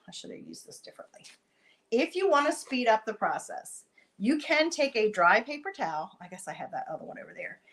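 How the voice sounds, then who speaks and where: A woman giving a chatty live-stream craft tutorial, talking viewers through each step while she works and breaking off for quick asides. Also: medium pitch, fairly bright tone, rough recording. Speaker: craft demonstrator.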